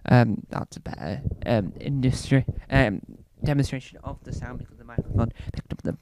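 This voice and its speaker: A British man doing stand-up, telling a rambling story and acting out scenes with sudden loud, high squeals. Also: moderate pace, very noisy. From Britain. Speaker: stand-up comedian.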